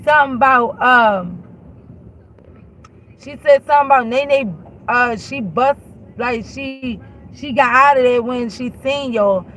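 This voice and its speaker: A woman's voice: a little high, measured pace, long pauses, fairly bright tone, a little hiss or hum, rough recording. A woman telling a long, exasperated story as a show host, acting out both sides of the argument and swearing freely. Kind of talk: animated storytelling rant.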